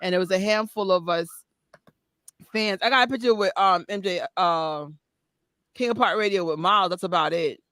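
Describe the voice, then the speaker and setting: A woman's voice: fairly low pitch, moderate pace, a bit bright, no room sound. A woman on a video call from her apartment, talking casually and trailing off as she rambles. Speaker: guest. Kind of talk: casual chat. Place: apartment with background noise.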